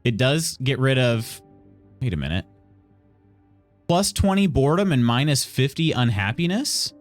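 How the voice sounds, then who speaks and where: A man's voice: mid-range voice, sing-song, unhurried, soft background music. A man streaming a game live, reading tutorial text aloud and adding playful, wry asides to chat.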